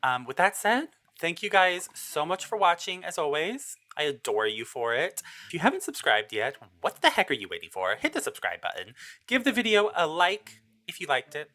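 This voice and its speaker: A gaming video creator giving casual gameplay commentary, chatty and excitable, talking straight to viewers and swinging between nervous muttering and loud outbursts. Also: medium pitch, moderate pace.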